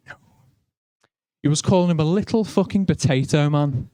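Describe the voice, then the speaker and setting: A man's voice: on the high side, moderate pace, pauses often, a little mellow. A young man with a Liverpool accent doing a stand-up comedy set in a chatty, self-mocking way.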